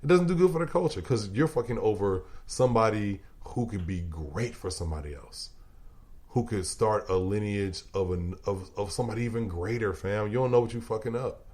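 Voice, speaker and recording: Laid-back low-voiced man riffing casually. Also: fairly quick, a little mellow. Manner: loose, emphatic, profane, laughs often. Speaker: podcast guest. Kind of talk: casual chat.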